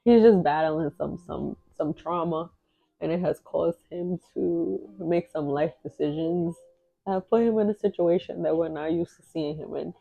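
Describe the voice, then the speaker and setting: A woman's voice: lowish voice, normal speed, vocal fry, dry recording, phone-quality sound. A young adult woman co-hosting a podcast, sharing candid, emotional, faith-filled stories in casual chat. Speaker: podcast co-host.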